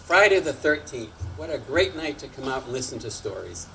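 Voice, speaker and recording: A man in his sixties from Massachusetts, telling a personal story on stage at a community storytelling night in a lively, wry manner. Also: mid-range voice, fairly quick, vocal fry, slight background noise, rough recording. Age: 60s.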